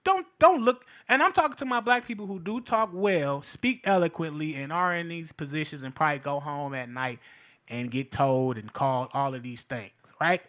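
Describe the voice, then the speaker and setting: Male host, casual profane commentary, high bright voice. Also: moderate pace. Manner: animated and profane, laughs between points. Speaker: show host. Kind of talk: casual cultural commentary monologue.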